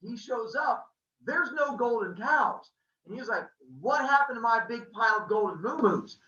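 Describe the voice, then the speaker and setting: A man tells a comic myth in a casual, jokey voice, adding playful sound effects. His pitch swings freely and his tone is bright. The sound is distant, dull and roomy. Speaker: podcast host. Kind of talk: comedic mythology storytelling.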